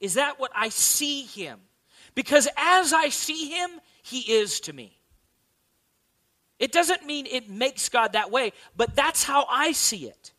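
This thirty-something pastor preaches conversationally and keeps posing questions to his audience. He speaks slowly in a very high voice that swings widely in pitch and sounds pushed and bright.

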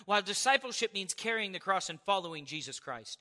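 A man in his forties preaching a sermon to a congregation, animated and storytelling, with chuckles and acted-out quotes. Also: high-pitched, brisk. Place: church service before a congregation.

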